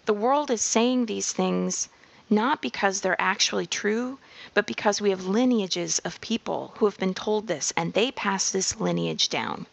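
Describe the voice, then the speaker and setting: A woman giving a slow, measured reflective monologue on personal growth. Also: mid-range voice, creaky. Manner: slow, measured, drops into whispers.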